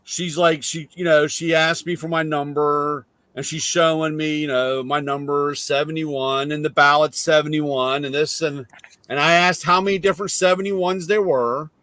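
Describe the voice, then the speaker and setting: A man hosting a casual chat, telling a long story in a wry, deadpan way and acting out both sides of the dialogue. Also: fairly high pitch, normal speed. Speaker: host.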